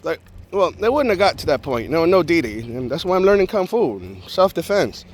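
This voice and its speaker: A man with a high voice tells a story straight to camera, and his pitch jumps all over the place. He jokes his way through it and acts out each person in his tale. The delivery is loose and casual, like a vlogger talking to his viewers. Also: brisk, a little hiss or hum. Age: adult with a young daughter. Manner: animated and joking, acts out the people in his story.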